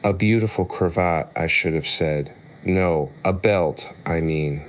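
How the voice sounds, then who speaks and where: A man's voice: low-pitched, a little slow, dull audio, a little hiss or hum. A man voicing a polite, curious seven-year-old girl who speaks earnestly.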